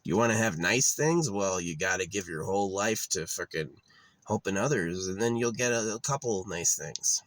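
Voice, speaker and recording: Man, young adult, low voice, dry close sound, rambling vlog monologue, ranting, filler-heavy. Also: lively intonation, normal speed, fairly bright tone, no room sound. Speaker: vlogger.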